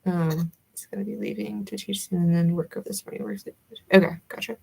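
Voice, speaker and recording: Chatty young Southern woman with gravelly fry. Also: lowish voice, fairly even intonation, a little fast, warm tone. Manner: chatty, rambling, giggly, many fillers. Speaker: livestream host. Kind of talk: casual chat with viewers.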